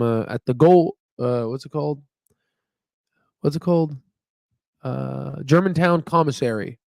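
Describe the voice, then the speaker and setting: Here the stock channel host's voice sits on the high side, creaky and darkish, recorded clean in a studio with no room sound. He chats upbeat and rambling through a casual live stream about stocks, leaning on fillers and "you know what I mean."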